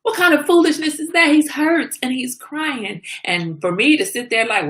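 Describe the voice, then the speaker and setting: A woman's voice: high-pitched, moderate pace, few pauses, a bit bright. A woman hosting a casual livestream, talking emphatically and asking rhetorical questions, like a small sermon. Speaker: livestream host.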